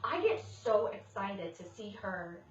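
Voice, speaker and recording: A woman in her thirties, a guest in a casual chat, telling stories in an animated way. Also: medium pitch, measured pace. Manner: animated storyteller. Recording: echoey room, distant dull mic.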